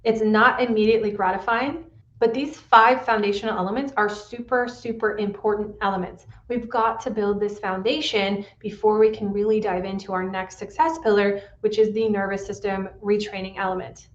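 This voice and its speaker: A woman's voice: mid-range voice, steady tone, normal speed, roomy sound, highs cut off. A woman pain specialist hosting a solo podcast, talking in an earnest coaching manner and often checking in with "right?".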